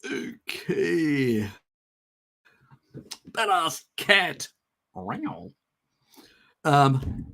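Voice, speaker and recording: A man hosts a casual live stream and answers viewer questions with a sarcastic, mocking edge. His voice is gravelly and husky, with a breathy rasp. He laughs often. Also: on the high side, expressive, very slow, pauses often, a bit bright.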